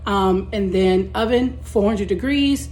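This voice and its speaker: A woman's voice: mid-range voice, measured pace, darkish tone. A woman from Texas with a Southern accent, hosting her own cooking channel and chatting casually as she walks viewers through each step.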